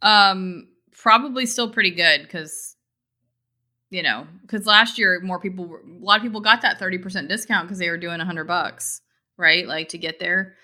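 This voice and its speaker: A woman's voice: lowish voice, moderate pace, sharp tone. A woman co-hosting a casual business chat, talking loosely with many fillers and restarts. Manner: chatty, lots of fillers and restarts. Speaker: e-commerce marketer and co-host.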